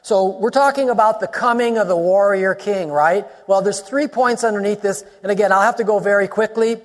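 High-voiced man preaching in a hall. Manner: animated, rising to exclamations, quick asides. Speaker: pastor. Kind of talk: sermon teaching.

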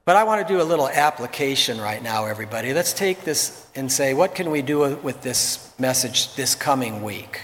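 A man's voice: mid-range voice, animated, moderate pace, hardly any pauses, fairly bright tone, slight background noise. A pastor giving a sermon in an earnest, conversational way, repeating words as he goes. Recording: long reverb from a large hall.

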